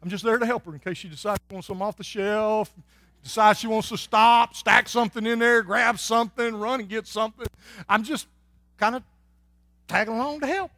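A man preaching a sermon as a pastor, dropping soft and low and then rising to shouted exhortation. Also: fairly even intonation, fairly quick, dry recording. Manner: folksy, swings from soft and low to loud and shouting.

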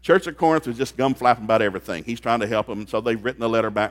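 A man preaching a sermon in a folksy, joking way, dropping into low asides and then rising into loud outbursts. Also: very fast. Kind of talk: comedic sermon. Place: church service.

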